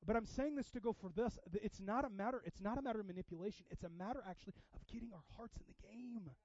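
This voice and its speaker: A man preaching a sermon in a casual, animated way, with sudden loud bursts. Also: high voice, fast, no echo, highs cut off. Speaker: pastor.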